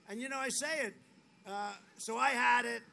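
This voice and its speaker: A man's voice: very high voice, moderate pace, creaky. A man giving a rambling, boastful rally speech outdoors, full of repetition and asides. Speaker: political speaker at a rally. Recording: noisy outdoor rally audio.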